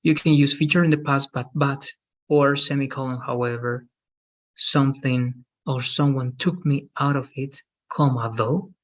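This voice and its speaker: Man teaching a class patiently, husky voice. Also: mid-range voice, steady tone, normal speed, lo-fi sound. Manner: patient, explains step by step. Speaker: English teacher. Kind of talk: online class instruction.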